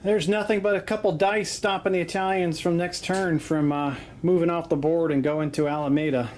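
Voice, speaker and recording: A man's voice: on the high side, fairly even intonation, a little fast, very noisy. Chatty man calling a wargame. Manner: chatty, jokey, frequent "uh" fillers. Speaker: tabletop wargame host. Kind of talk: casual battle report commentary. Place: home basement.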